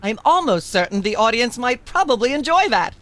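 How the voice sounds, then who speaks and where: A woman's voice: fairly high pitch, sing-song, brisk, dry recording. An actress playing a pompous, lecturing older female talk show host in a game. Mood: haughty. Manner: haughty, lecturing, scolding.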